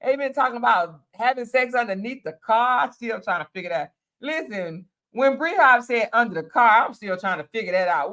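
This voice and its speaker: A woman's voice: on the high side, animated, normal speed, hardly any pauses, a bit bright. A woman hosting a casual live stream, reading out viewer comments, teasing and laughing as she talks straight to her viewers.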